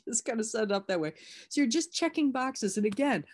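A woman's voice: medium pitch, big pitch swings, fairly quick, a little mellow. Candid woman leading a recovery workshop. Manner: candid, conversational, many restarts. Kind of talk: online workshop teaching.

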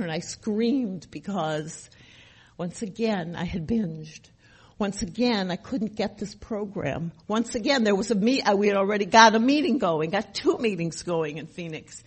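A woman's voice: medium pitch, breathy edge. An older woman sharing her recovery story at a meeting, emphatic and repetitive, often asking rhetorical questions. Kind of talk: personal testimony at a recovery meeting.

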